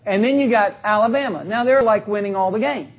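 A man preaching an energetic sermon in a church, joking with the congregation and calling for responses. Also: high voice, a little fast, slightly rough. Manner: calls out to the congregation, joking, rising to loud exclamations. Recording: dull lo-fi recording.

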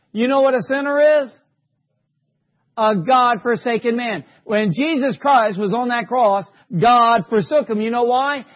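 A man with a strikingly high voice delivers a fervent sermon at an unhurried pace. He keeps asking his congregation rhetorical questions and rises to shouts. The recording is dull and lo-fi. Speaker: preacher.

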